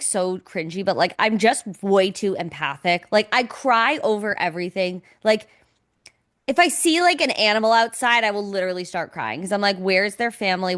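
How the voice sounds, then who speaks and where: A woman's voice: medium pitch, a bit bright. Young woman, podcast co-host, casual chat, dramatic and emotional, swears a lot.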